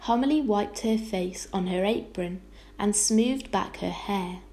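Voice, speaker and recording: A woman narrating a children's storybook aloud in a calm, measured way. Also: medium pitch. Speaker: audiobook reader.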